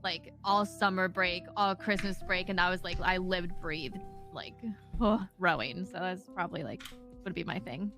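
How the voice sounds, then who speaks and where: A woman's voice: lowish voice, moderate pace, pushed and bright, faint music behind. A woman streamer chatting in an upbeat, rambling way on a video-call panel. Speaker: streamer and podcast guest. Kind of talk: casual panel chat.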